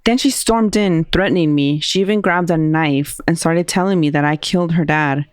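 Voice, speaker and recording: A woman's voice: low voice, moderate pace, clean tone, dry recording, clean studio sound. A woman co-hosting a podcast, casually retelling a creepy radio call and translating its quotes. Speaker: podcast co-host. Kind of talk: casual storytelling chat.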